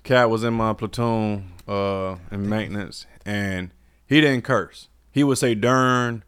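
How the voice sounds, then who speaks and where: A man co-hosting a podcast, telling army stories in a loose, animated way and acting out the voices of people he quotes. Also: fairly low pitch, a little slow, smooth. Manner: animated storyteller, mimics others' voices. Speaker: podcast co-host. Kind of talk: casual chat.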